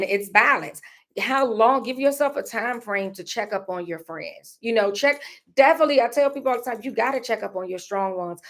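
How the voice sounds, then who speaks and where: A woman's voice: medium pitch, a bit bright. A woman, talking to her viewers in a casual, reflective way about faith and feelings, often repeating her phrases. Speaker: vlogger. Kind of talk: casual personal vlog talk. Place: indoors at home.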